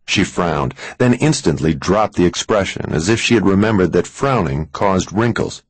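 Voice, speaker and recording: A man reading a thriller audiobook in a measured, expressive storytelling manner. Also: deep voice, slightly rough, no echo. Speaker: audiobook narrator. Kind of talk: scripted thriller narration.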